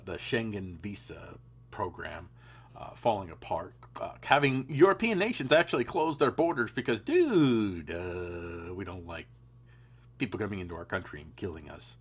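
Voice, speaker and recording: Brief: male podcast host with a lively, up-and-down voice, sarcastic political commentary. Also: on the low side, slightly rough. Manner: sarcastic, conversational, with frequent asides.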